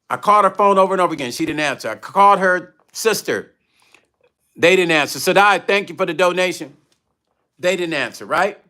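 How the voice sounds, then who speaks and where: A man's voice: on the high side, pushed and bright. A middle-aged man telling a personal story on a casual livestream, with passion and many repeated phrases. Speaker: music vlogger on a livestream.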